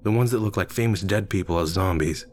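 A man's voice: sits low, fast, slight background noise, lightly acted. A man voicing a laid-back, joking young friend in an offhand way.

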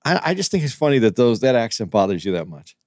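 A man's voice: mid-range voice, big pitch swings, fast talker, darkish tone, dry recording, clean studio sound. A man co-hosting a podcast, talking in an earnest, hesitant way with frequent restarts. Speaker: podcast co-host. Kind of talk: casual podcast chat.

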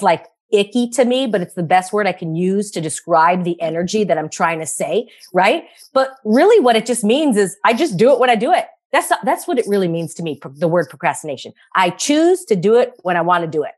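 A woman guest in a casual podcast interview, talking in an animated way and repeating phrases for emphasis. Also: mid-range voice.

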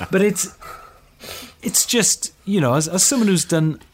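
A man's voice: a little high, husky. Enthusiastic laughing male podcast host. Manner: enthusiastic storyteller, laughs often. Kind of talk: casual chat.

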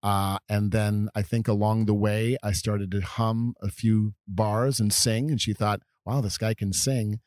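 A man's voice: fairly low pitch, level tone, unhurried, hardly any pauses, darkish tone, no echo, clean studio sound. A middle-aged American man from California, a father telling his grown child stories of his youth in a casual, rambling way full of fillers. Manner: rambling, reminiscing, with many fillers. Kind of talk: casual storytelling.

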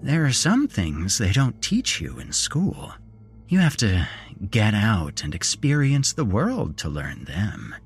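A man's voice: on the low side, huge pitch swings, takes it slowly, soft background music, exaggerated voice. A man voicing a cheerful, creepy grown man who swings from jolly chatter to a hissing whisper. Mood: gleeful. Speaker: storyteller. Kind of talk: horror story narration.

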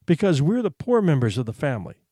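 Bitter, worn-down mother, man reading the part, slightly lifted voice, slow sour replies. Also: a little high, big pitch swings, warm tone, husky, dry recording, studio quality. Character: bitter, weary adult mother worried about money.

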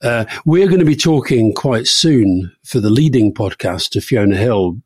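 A middle-aged man co-hosts a political talk show, spinning anecdotes with animated energy. His voice sits in an ordinary middle register. The recording is close and dry, with no room around it. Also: mid-range voice, moderate pace, breathy edge, dry recording. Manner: anecdotal, lively storytelling with laughs. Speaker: podcast co-host. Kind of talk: casual political chat.

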